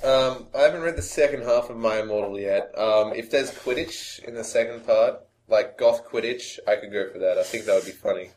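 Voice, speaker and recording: A man's voice: fairly low pitch, a little fast, hardly any pauses, darkish tone, rough recording. A man co-hosting a podcast in casual, jokey chat. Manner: jokey, slipping into silly impressions. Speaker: podcast co-host.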